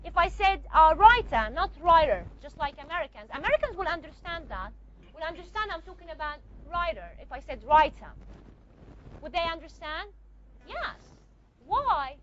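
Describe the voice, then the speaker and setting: A woman's voice: very high voice, expressive, brisk, bright, forceful tone, muffled recording. A woman teacher giving a classroom lecture, explaining step by step and often checking with the class.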